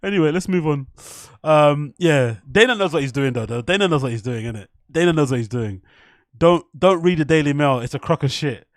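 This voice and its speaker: Studio-quality and free of room sound, this recording captures a fairly high-pitched young man talking fairly quickly. Hosting a laid-back live stream, he gets worked up over chat and a fight, cursing heavily, laughing frequently and doing mock French.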